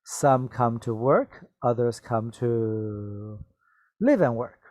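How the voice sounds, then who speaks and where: A man's voice: mid-range voice, animated, slow, a little mellow, dry recording. A man teaching an English vocabulary lesson, patiently repeating words and checking in with "okay?".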